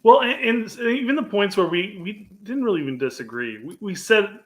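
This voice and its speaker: A man co-hosting a soccer podcast with a slightly high voice. He is laid-back, drops chuckling asides, and often restarts his sentences mid-thought. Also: expressive, moderate pace, fairly bright tone. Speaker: podcast co-host. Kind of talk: casual chat.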